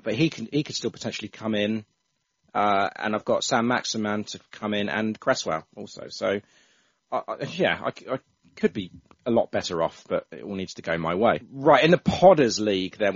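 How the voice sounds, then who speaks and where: A man's voice: on the low side, husky, no room sound. Chatty male podcast host, stumbling restarts, muffled dry recording. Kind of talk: casual football podcast chat. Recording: dull, dry, lo-fi sound.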